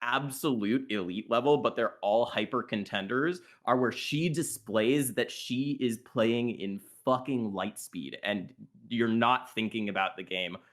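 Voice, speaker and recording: A man chatting on a panel talk show, animated, swearing and talking in quick bursts. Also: mid-range voice. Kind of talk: casual panel chat.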